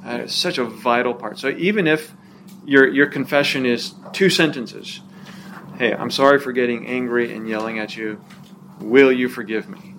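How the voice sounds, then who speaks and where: A man teaching a church class in a relaxed, conversational way, with frequent fillers and restarts. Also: mid-range voice, moderate pace, slight background noise. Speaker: pastor or teacher.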